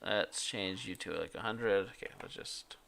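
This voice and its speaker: A man's voice: low-pitched, measured pace, gravelly, sharp tone, a little hiss or hum. A man streaming live, chatting casually and thinking aloud as he works, rambling and correcting himself. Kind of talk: casual live-stream chat while working in 3D software.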